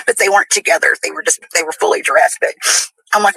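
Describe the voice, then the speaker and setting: A woman with a husky voice tells a rambling personal story in a played clip, laughing as she goes. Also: mid-range voice, fast talker, sharp tone, no echo, low-quality recording.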